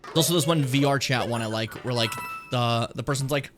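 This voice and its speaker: A man's voice: mid-range voice, brisk. A man streaming a video game, talking in a rambling, sarcastic and profane way. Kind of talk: casual gameplay commentary. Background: game music.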